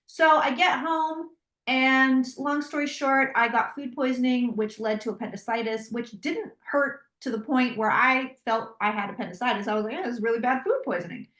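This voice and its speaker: Woman guest, animated storyteller, high voice, echoey room. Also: normal speed. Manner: animated, quotes herself in dialogue. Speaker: guest, psychic tarot reader. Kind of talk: storytelling in a casual interview. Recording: roomy echo.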